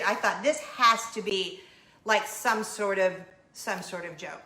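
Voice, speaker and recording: A woman in her thirties telling a story in a casual, animated way, acting out the other voices in it. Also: mid-range voice, measured pace, echoey room. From not from Florida. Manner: animated, acts out quoted voices, laughs. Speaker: homeschooling mom telling a story.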